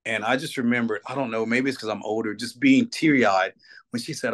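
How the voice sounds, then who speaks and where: A man's voice: medium pitch, fast. Emotional middle-aged man telling stories. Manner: emotional storytelling, tearful at times, repeats "you know what I mean". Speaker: guest, metal band singer. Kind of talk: casual interview chat.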